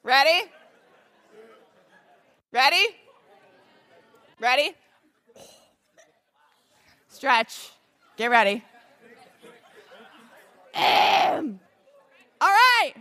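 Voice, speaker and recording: A woman from Michigan with an American accent gives an energetic preaching talk to a crowd and often shouts out to the audience. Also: high voice, extremely slow, pauses often, dry recording. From Michigan, USA. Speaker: youth event speaker.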